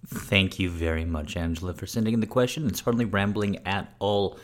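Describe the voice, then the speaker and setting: Deep-voiced playful male podcast host. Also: steady tone, brisk, slight background noise. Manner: wry, playful and flirty. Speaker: podcast host answering listener questions. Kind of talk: casual chat.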